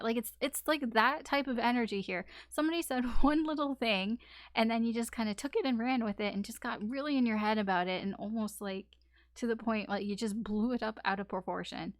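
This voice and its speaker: A woman's voice: medium pitch, fairly even intonation, moderate pace, no room sound. Chatty, rambling woman reading tarot. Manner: chatty, rambling, many ums and likes. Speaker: tarot reader.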